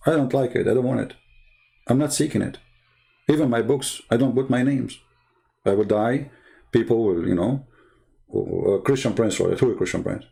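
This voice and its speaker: A Christian public speaker's creaky, mellow voice moves at normal speed, with frequent pauses, through an interview. He's earnest and emphatic, phrases things as a non-native English speaker would, and mimics quoted people with sharp pitch jumps.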